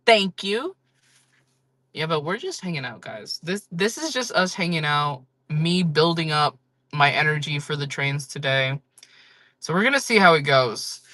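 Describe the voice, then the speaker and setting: A woman's voice: deep voice, pushed and bright, no echo. A woman chatting casually on a live-selling stream, joking, rambling and laughing often.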